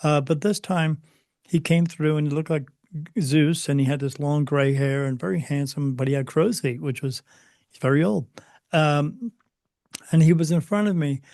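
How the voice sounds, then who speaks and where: A man's voice: fairly high pitch, fairly even intonation, normal speed, a little mellow. A man with a slightly raised voice speaks as an interview guest, recounting personal experiences. He hesitates often, filling gaps with "uh" and restarting his sentences. The recording is dry and close, with no room echo. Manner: hesitant, many fillers and restarts.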